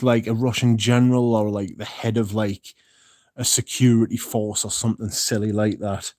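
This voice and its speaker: A man's voice: on the low side, a little mellow, dry recording, clean studio sound. A man hosting a livestream, chatting casually with viewers in a blunt, sweary, rambling way. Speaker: livestream host reading viewer chat.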